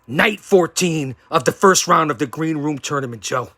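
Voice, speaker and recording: A man hosting a show, delivering a theatrical wrestling-style hype promo that swings from yelling to hushed threats. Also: fairly high pitch, expressive, normal speed, dry recording. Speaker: show host.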